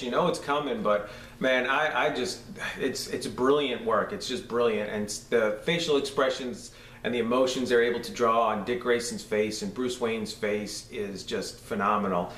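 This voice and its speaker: A man's voice: medium pitch, fairly bright tone, far from the mic. A man with a New York accent casually reviewing a cartoon episode on a podcast, enthusiastic and rambling with lots of fillers. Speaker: podcast host. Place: room shared with a co-host. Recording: roomy echo, off-mic, faint noise.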